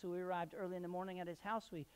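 A male pastor preaching a sermon in a church, telling personal stories and swinging into loud emphatic bursts. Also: sits high, flat delivery, very fast, clear, resonant tone. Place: church sanctuary. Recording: long hall reverb.

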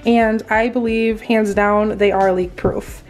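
A young woman from the Midwest talks her viewers through a shopping haul in an easy, rambling way, full of ums and likes. Her voice is hoarse and a bit congested from a recent illness. Faint music plays underneath. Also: mid-range voice, little pitch movement, takes it slowly. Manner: chatty, filler-heavy, addresses viewers directly. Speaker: vlogger. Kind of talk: casual haul vlog talk.

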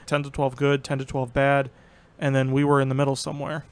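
A man's voice: medium pitch, monotone, a little fast, smooth. A young man on a podcast, giving earnest opinions in casual chat.

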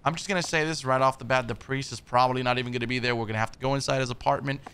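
A man's voice: medium pitch, steady tone, racing, fairly bright tone, a little hiss or hum. A man hosting a horror game playthrough, chatting casually, jumpy, swearing and talking back to the characters. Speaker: gaming video host.

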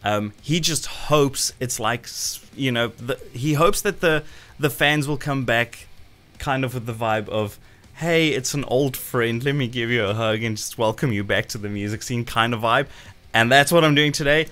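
A man hosting a music reaction video, gushing with breathless fan excitement. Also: medium pitch, moderate pace. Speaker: reaction channel host. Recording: faint music behind.

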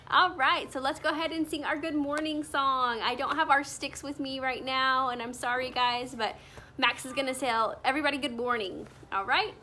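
A woman's voice: sits high, fairly even intonation, slight background noise. A young woman leading an online morning circle for young children, in a sing-song, encouraging voice. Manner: bright, sing-song, slow and encouraging, talking to small children. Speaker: preschool teacher.

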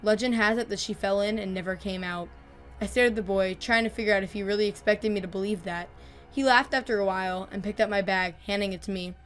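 A storyteller reads horror stories in a calm, measured way, her voice sitting at a middle pitch for a woman. On the darkest lines she grows quieter, and faint music plays underneath.

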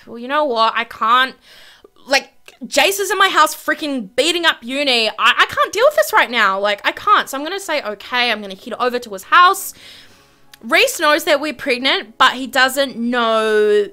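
A woman's voice: high voice, big pitch swings, moderate pace, pushed and bright. A young woman hosting a gaming video, narrating her play in a chatty, dramatic way and often saying "honestly" and "freaking". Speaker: gaming channel host. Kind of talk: casual let's-play commentary.

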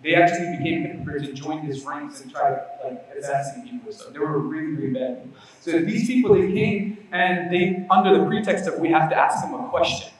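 A man with a high voice preaches in a relaxed, conversational way, often checking in with his listeners, then pressing his points with real urgency. He is heard from a distance across a large hall. The room gives him a long, heavy reverb. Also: brisk, hardly any pauses. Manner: conversational, with frequent "you know what I'm saying" asides; urgent, emphatic exhortation. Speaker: Islamic preacher. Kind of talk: casual religious lecture. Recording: very echoey hall, voice from far off.

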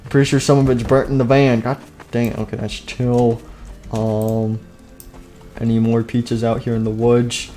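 A man's voice: mid-range voice, flat delivery, moderate pace, mellow, close to an everyday voice. A man doing a grumpy, muttering animatronic. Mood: grumbling. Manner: grumbling, self-pitying, muttering. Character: grumpy male animatronic pizza deliverer.

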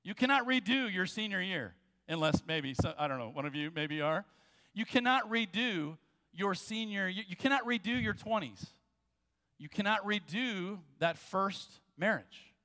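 A man preaching a sermon as pastor, telling jokes and stories with quick asides. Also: high voice, expressive, pushed and bright. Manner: jokey storytelling with quick asides. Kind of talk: sermon with humor. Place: church sanctuary. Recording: long church hall reverb.

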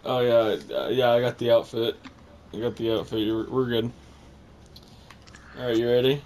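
A man's voice: medium pitch, moderate pace, a little mellow, slight background noise. A young man recording a co-op game session, rambling casually and laughing a lot. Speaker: gamer recording the video. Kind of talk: casual co-op gaming chat.

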